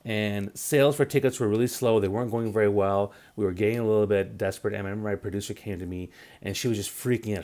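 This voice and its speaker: A man's voice: lowish voice, steady tone, fast talker, a little mellow. A man in his forties hosting a live career-advice stream, talking loosely with many fillers and restarts. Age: 40s. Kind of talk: casual live-stream talk.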